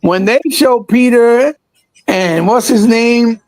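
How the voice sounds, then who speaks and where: A man's voice: very high voice, slow pace, darkish tone, low-quality recording. A man co-hosting a casual gaming chat, ranting and swearing in exasperation. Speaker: podcast co-host.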